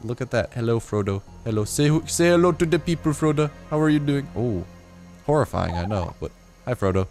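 A young man giving casual, jokey gameplay commentary as a gaming YouTuber, rambling through asides and breaking into excited outbursts. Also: lowish voice.

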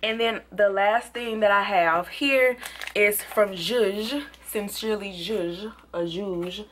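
A woman's voice: medium pitch, a little slow, a bit bright, slight background noise. A woman with a Southern US country accent, chatting casually in a product review vlog and often saying y'all. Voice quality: chatty, says y'all a lot. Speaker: beauty vlogger.

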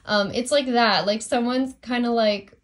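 A woman's voice: fairly high pitch, fairly even intonation, a little slow. A young woman giving a casual tarot reading at home, rambling through many fillers and apologizing for her slips. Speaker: tarot reader.

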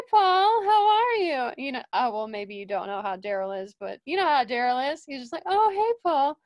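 A young woman who manages a studio tells a casual story peppered with fillers and restarts. Her voice jumps higher whenever she quotes someone, and the recording is dry.

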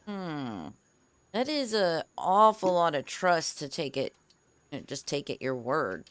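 A woman's voice: deep voice, sing-song, takes it slowly, dry recording. A woman playing a tabletop game, talking bluntly and skeptically and swearing freely. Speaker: player. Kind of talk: casual in-character play.

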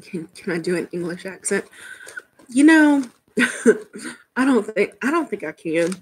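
A woman's voice: lowish voice, animated, normal speed, slight background noise, poor audio. A woman with a Southern US accent chatting casually with her live-stream chat at home, laughing often. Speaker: vlogger reading live chat. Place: home room.

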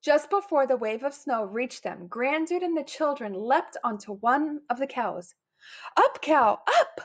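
Animated woman reading a picture book aloud. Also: high voice, moderate pace. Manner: animated, putting on lively character voices for quotes. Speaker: storybook reader.

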